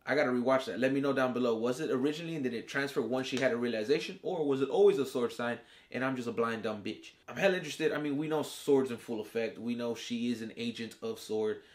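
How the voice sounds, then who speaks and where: A man's voice: mid-range voice, fast talker, hardly any pauses. Male host for a casual episode review, slangy and foul-mouthed, mid-range voice, acts out the characters' reactions.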